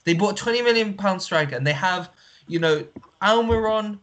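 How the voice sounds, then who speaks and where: Ranting young man, slightly higher voice. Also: a little fast, a bit bright. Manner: ranting, sweary and sarcastic. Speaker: podcast panelist. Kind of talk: casual football chat.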